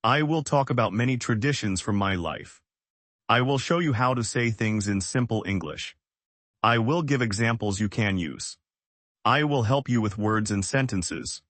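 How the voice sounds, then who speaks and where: Low-voiced guy teaching english, slow clear short sentences, dry close sound. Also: lively intonation, a bit bright, no room sound. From United States. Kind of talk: slow, simple language lesson.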